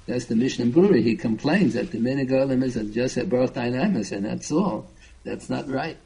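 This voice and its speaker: A man's voice: medium pitch, fairly quick, vocal fry, warm tone, slightly rough, poor audio. A man teaching a Talmud class, explaining step by step and chanting the Hebrew and Aramaic quotes.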